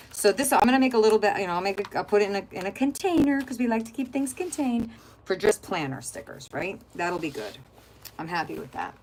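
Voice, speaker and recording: Low-voiced, chatty middle-aged woman. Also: a little hiss or hum, poor audio. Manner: chatty and rambling, talks straight to viewers. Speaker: crafting livestream host. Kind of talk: casual chat while crafting.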